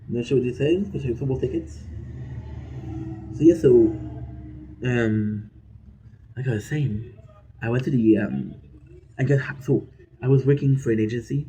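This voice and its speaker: A man's voice: medium pitch, warm tone, a little hiss or hum, poor audio. A man streaming a game and telling stories in a casual, rambling way, repeating his phrases and swearing casually. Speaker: gaming streamer. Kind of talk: casual storytelling while gaming.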